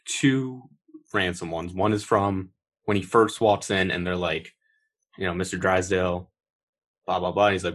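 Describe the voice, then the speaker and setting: A man's voice: deep voice, steady tone, normal speed, fairly bright tone. A man co-hosting a podcast, chatting casually about a film with loose, filler-heavy talk. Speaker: podcast co-host.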